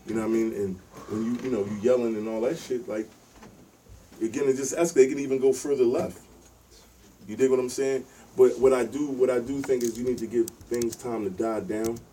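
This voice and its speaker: A man's voice: medium pitch, fairly even intonation, a little fast, dark tone. A man in a casual group discussion who asks probing questions and often says "you dig what I'm saying". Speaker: podcast participant. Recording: distant mic with faint noise.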